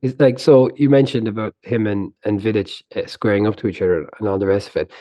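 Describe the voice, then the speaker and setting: A man co-hosting a casual podcast, talking in a relaxed, reflective way. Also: lowish voice, fast, no echo. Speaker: podcast co-host. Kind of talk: casual chat.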